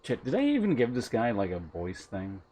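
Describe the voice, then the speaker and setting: A man streaming a game and chatting casually, relaxed and rambling, often trailing off. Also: mid-range voice, normal speed, faint music behind. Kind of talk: casual let's-play commentary.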